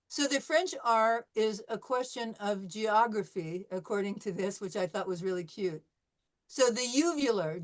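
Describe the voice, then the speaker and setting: A woman teaching French in a class lecture, explaining patiently and often checking in with "okay?". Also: on the high side. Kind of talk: online language class lecture.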